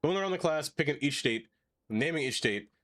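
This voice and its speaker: A man's voice: a little high, lively intonation, brisk, fairly bright tone, no echo. A man live-streaming a city-building game, chatting casually and reading chat aloud, ranting animatedly and laughing often.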